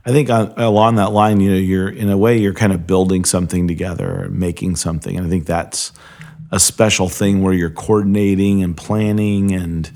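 Deep flat-voiced man, further off the mic. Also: creaky. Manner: agreeing, reflective, halting.

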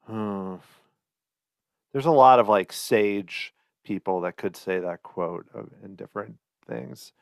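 A man playing a quiz game solo, pondering his answers in a low murmur. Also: takes it slowly, creaky, no echo, clean studio sound. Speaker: quiz contestant. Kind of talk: casual game chat.

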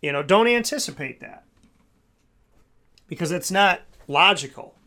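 A man's voice: high-pitched, expressive, a little slow, pushed and bright. Rambling man talking about prayer. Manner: rambling, many "you know"s, restarts. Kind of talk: casual talk on faith and prayer.

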